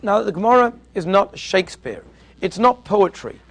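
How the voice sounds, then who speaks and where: A man giving a Torah talk, telling a parable and mixing Hebrew and Yiddish terms into his English, often dropping to a quiet storytelling voice. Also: high-pitched, big pitch swings, moderate pace.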